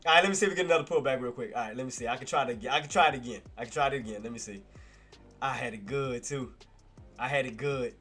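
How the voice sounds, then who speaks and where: A man live-streaming his day trading, muttering his moves to himself and breaking into loud, exasperated laughing outcries. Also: medium pitch, racing, breathy edge. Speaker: livestreamer trading on camera.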